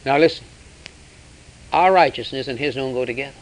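A man preaching a sermon, swinging between loud emphasis and hushed asides. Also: mid-range voice, fairly quick, poor audio.

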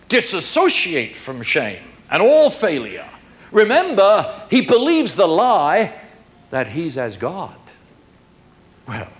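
A man's voice: a little high, fairly bright tone. A man preaching a sermon, acting out little dialogues between people in changing voices.

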